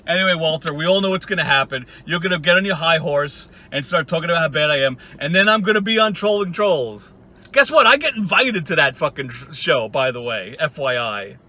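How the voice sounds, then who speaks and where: A man rants straight to camera in a mocking, profane vlog monologue and keeps breaking into laughter. His voice sits high with a sharp, tense brightness. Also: lively intonation, fairly quick. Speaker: online video creator.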